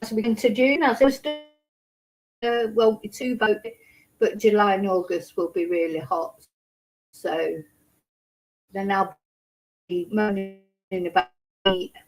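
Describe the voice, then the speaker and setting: A woman's voice: medium pitch, steady tone, a little slow, pauses often, soft background music, poor audio. A woman hosting a casual true crime livestream from her home in Spain, talking in a rambling, emotional way with many restarts.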